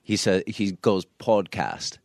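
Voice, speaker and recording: A young man co-hosting a casual podcast tells long, rambling stories and laughs often. His voice sits low and is expressive, at a moderate pace.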